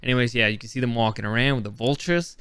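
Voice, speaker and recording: A playful, rambling wildlife presenter with a put-on Australian accent, as a man hams up the voice for his vlog. The voice is smooth and clear at a middling pitch. The sound is dry and close. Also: quick pace, fairly bright tone, no room sound, natural voice. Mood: goofy excited.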